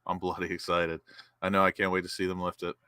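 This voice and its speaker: A young man hosting a live football watch-along, cheering as an excitable fan. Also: deep voice, fast talker, clean tone, dry recording.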